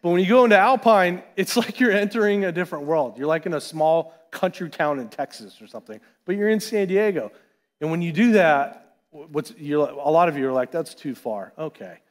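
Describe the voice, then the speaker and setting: A man giving a sermon as pastor, talking in a conversational, animated way with asides to the congregation. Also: a little high, fairly quick. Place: church sanctuary. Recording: long church hall reverb.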